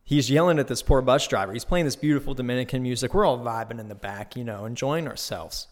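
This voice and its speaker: A man hosting his own podcast, telling a trip story in a casual, profane, animated way from a new, unfurnished home studio. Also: medium pitch, fast. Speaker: podcast host. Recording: echoey bare room.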